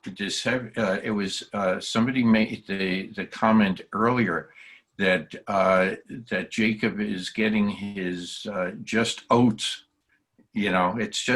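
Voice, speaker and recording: A man guides a scripture study group at a very slow pace, stopping often for fillers and restarts. His voice sits low and unhurried. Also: fairly even intonation, fairly bright tone. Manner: hesitant, many fillers and restarts. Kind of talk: halting Torah study discussion.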